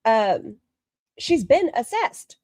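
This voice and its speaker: Lively, blunt woman streamer. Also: a little high, drawn-out words, no echo, clean studio sound. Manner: chatty, reads viewer comments aloud; blunt and gossipy. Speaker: livestream host. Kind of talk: casual livestream commentary.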